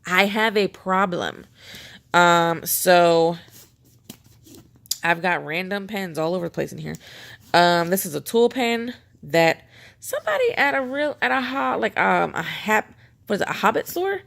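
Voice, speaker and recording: A woman's voice: lowish voice, sing-song, a little slow, gravelly, pauses often, a bit bright. A woman vlogger chatting casually and rambling as she shows off her pen collection at home, self-mocking and chatty. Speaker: planner vlogger. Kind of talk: casual show-and-tell chat.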